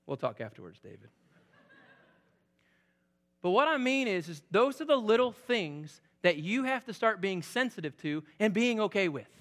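A high-voiced, bright man in his forties preaches in a conversational, animated way, building to loud emphatic peaks. His voice rings out in a large church hall with a long reverb. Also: moderate pace. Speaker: pastor. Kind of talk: sermon. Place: church sanctuary.

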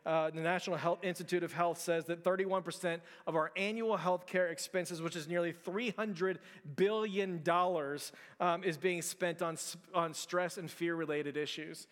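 Male pastor, high voice, casual sermon delivery with frequent restarts, long church reverb. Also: fairly even intonation, moderate pace, few pauses, a bit bright. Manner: conversational, repeats words, frequent fillers and restarts. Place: large church hall.

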